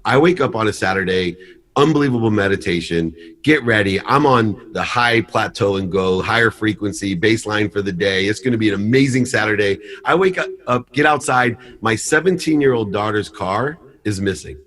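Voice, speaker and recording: A man's voice: fairly low pitch, moderate pace. A middle-aged man, a podcast guest, telling a story and acting out the dialogue. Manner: animated storyteller, acts out dialogue.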